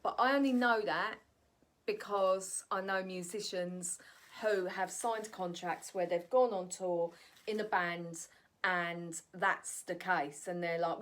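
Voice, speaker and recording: A woman's voice: on the low side, unhurried, a bit bright. Chatty ranting woman vlogger. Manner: chatty, ranting, fond of 'right?' asides. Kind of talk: casual opinion monologue.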